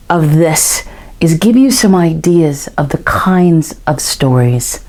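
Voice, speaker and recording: A woman in her fifties, a professional storyteller, talking to young audiences in an expressive, animated way and sometimes dropping into a whisper for effect. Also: low-pitched, takes it slowly. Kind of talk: storytelling show and promo talk.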